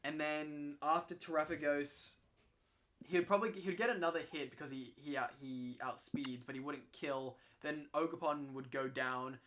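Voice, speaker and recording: Excitable, swearing male game commentator. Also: a little high, moderate pace. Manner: excitable, swears freely, restarts often. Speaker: co-host commentating league matches.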